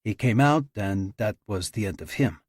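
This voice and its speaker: A man's voice: fairly low pitch, animated, moderate pace, no echo, clean studio sound. A man voicing a stocky male explosives expert in his late forties, blunt and matter-of-fact.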